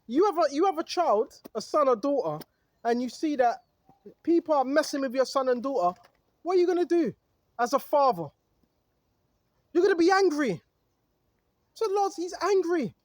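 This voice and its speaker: A man with an unusually high voice preaches outdoors. He reads scripture aloud, then riffs on it, calling out to his listeners and chuckling as he goes. The sound is dry and close. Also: sing-song, moderate pace, pauses often, a little mellow, no room sound. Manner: calls out to listeners, chuckles often. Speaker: street preacher.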